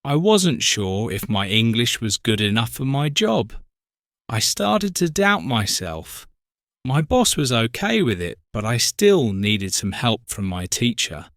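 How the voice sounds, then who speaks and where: Male narrator for learner stories: slow, clear, lively pitch, dry recording. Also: dry recording. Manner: slow, clear, simple sentences. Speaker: story narrator. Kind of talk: graded-reader story narration for learners.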